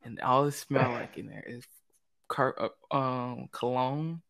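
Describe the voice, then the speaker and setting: Young male storyteller, casual and animated, mid-range voice. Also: medium pitch, a little slow, creaky. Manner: animated storytelling, acts out quotes, lots of "I'm like". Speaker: storyteller among friends. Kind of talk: casual chat.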